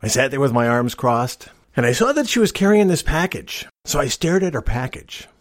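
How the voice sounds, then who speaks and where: Wry middle-aged male storyteller, lively pitch. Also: moderate pace, dry recording, studio quality. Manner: wry, deadpan joking delivery. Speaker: storyteller host. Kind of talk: casual spoken storytelling.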